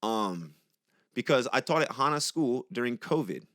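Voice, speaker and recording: A man's voice: medium pitch, lively intonation, moderate pace, a bit bright, no room sound, clean studio sound. A young man hosting a podcast, talking in a heated, profane, conversational monologue. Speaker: podcast host. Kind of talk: casual monologue.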